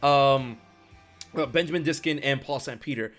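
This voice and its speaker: A man hosting a casual interview, talking in a rambling, excitable way with lots of fillers. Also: mid-range voice, normal speed, soft background music. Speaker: show host and streamer.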